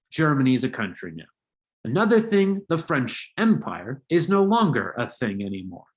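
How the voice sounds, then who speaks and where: A man teaching a history lesson in a casual, conversational style with jokey asides. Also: medium pitch. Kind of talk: casual lecture video.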